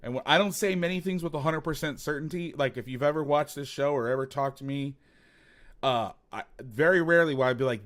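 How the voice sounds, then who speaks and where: A man's voice: a little high, a little fast, fairly bright tone. A man hosting a football film breakdown, talking casually and animatedly, swearing, rambling with restarts.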